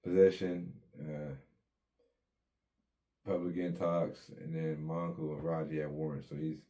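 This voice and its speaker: A man with a deep, mellow voice recounts his own life in an interview. His talk is easygoing street slang, peppered with curses. He slips into quoted dialogue as he tells it. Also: little pitch movement, unhurried. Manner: laid-back street slang, swears often, acts out quotes. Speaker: guest telling his life story. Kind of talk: casual storytelling interview.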